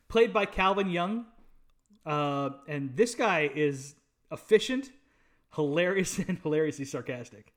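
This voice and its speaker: A man co-hosts a film review podcast in casual chat. He retells the plot eagerly in a somewhat high voice, leaning on frequent fillers as he goes. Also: animated, slow pace, pauses often, a bit bright. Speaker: podcast co-host.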